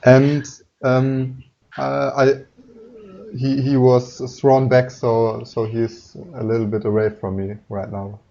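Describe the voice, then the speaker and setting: Mellow, hesitant male player. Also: medium pitch, little pitch movement, slow, gravelly, lo-fi sound. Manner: hesitant, many ums. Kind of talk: casual game chat.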